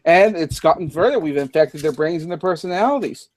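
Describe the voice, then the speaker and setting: A man's voice: fairly high pitch, lively intonation, fairly quick, no echo. Give me a sarcastic man joking in a mock-villain tone on a dry mic. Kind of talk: casual chat with a mock-villain bit.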